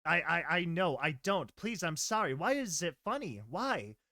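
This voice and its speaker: A man's voice: on the high side, very animated, moderate pace, pushed and bright, no room sound, clean studio sound, exaggerated voice. A man voicing a frightened pegasus filly. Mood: scared. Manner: stammering, pleading.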